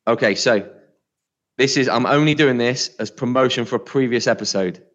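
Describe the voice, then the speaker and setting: A man's voice: medium pitch, moderate pace. A man co-hosting a casual podcast, chatty and teasing, trying out impressions. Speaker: podcast co-host. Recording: slightly dull lo-fi sound.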